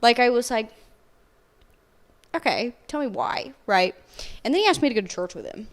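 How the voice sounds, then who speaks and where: Animated young woman telling a story. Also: a little high, normal speed. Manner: animated storytelling, heavy use of "like". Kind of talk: casual conversation.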